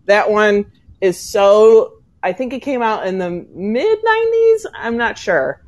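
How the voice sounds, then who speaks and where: A woman's voice: medium pitch, big pitch swings, takes it slowly, a little mellow, highs cut off. A woman from the United States co-hosting a podcast, chatting casually, trailing off and laughing as she tells stories. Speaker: podcast co-host. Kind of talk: casual chat.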